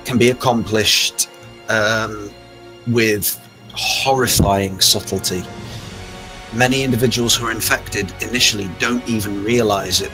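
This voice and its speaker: A man's voice: lowish voice, poor audio. A man acting as game master, explaining setting lore at length with fillers and restarts. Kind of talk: narrating a tabletop game.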